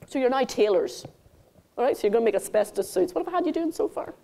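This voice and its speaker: A woman's voice: medium pitch, sing-song, fast, gravelly, mellow. An older woman giving a conference keynote speech, theatrical and intimate, calling the audience darlings. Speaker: keynote speaker. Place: conference hall stage.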